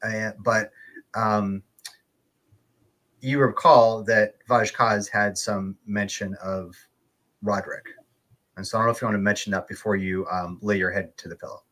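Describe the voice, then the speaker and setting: A man narrating a tabletop game as game master, relaxed, with filler words and chuckles. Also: fairly low pitch, moderate pace, pauses often. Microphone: online stream call.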